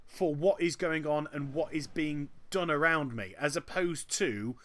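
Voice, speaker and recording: A man giving chatty, joking commentary over a video game. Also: fairly high pitch. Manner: animated and chatty, with quick jokes. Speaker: gameplay commentator. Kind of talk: gameplay commentary.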